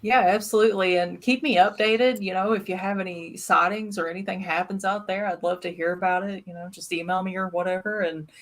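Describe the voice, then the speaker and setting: A woman's voice: mid-range voice, fairly even intonation, brisk, hardly any pauses. A woman hosting a paranormal livestream, talking in a friendly, enthusiastic, casual way. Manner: friendly, enthusiastic, laughs easily. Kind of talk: casual interview and livestream chat.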